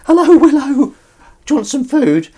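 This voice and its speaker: A squeaky, cooing baby-talk voice for calling a cat over, as a man puts it on. It jumps far above his usual register and swoops up and down. The tone is coaxing and sing-song. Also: sing-song, moderate pace, dark tone.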